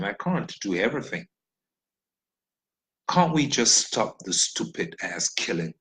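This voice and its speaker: A man's voice: lowish voice, very animated, moderate pace, bright, forceful tone, low-quality recording. A man from Nigeria delivering an impassioned, blunt monologue, swearing freely and firing off rhetorical questions. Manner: blunt, profane, ranting.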